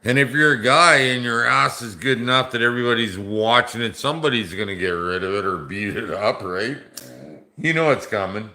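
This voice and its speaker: Tipsy joking man with a bright voice. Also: mid-range voice, fairly quick. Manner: rambling, joking, off-color banter. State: tipsy from drinking. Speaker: livestream host. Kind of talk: casual livestream chat with viewers.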